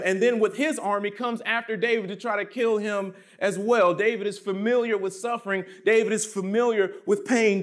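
A man serving as pastor preaches, reading scripture and punctuating his points with emphatic drops in both pitch and volume.

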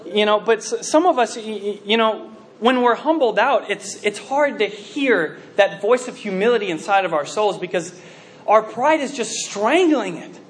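A man preaching a sermon, telling stories in an animated way with many restarts and fillers like "you know". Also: sits high, moderate pace, a little hiss or hum.

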